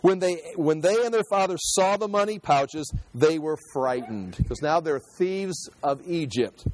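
Speaking a little slowly in an expressive, high-leaning voice, a man teaches the Bible verse by verse. He reads scripture aloud and then explains it in his own words, conversational throughout, with frequent restarts and repeated words.

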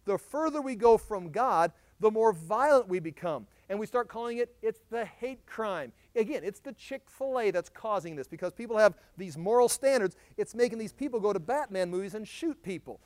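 High-voiced teacher, loud swings. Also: male voice, lively intonation, normal speed, few pauses, no echo. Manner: conversational, swings from loud emphasis to low asides, many restarts. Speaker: Bible teacher. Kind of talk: verse-by-verse Bible teaching.

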